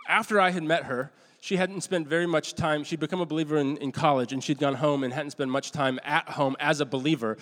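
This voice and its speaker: A middle-aged pastor preaches by rambling through stories conversationally, restarting frequently and poking fun at himself. For a man, his voice is pitched slightly high. A long echo follows every phrase, suggesting a church hall.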